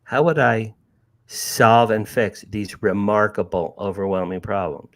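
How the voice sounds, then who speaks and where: Older author guest, fairly low voice, lively storyteller who repeats and restarts. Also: male voice, measured pace. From New Jersey. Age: 60s. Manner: animated, restarts and repeats words. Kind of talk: casual storytelling.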